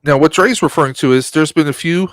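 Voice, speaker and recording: A man's voice: a little high, fast, dry recording. A man co-hosting a casual podcast chat, delivering rambling, opinionated rants. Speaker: podcast co-host.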